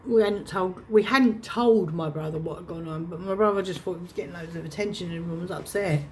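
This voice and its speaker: A woman's voice: lowish voice, quick pace, a little mellow, a little hiss or hum. A woman telling a painful personal story to camera, emotional and reenacting her own past words. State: choked up. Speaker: vlogger.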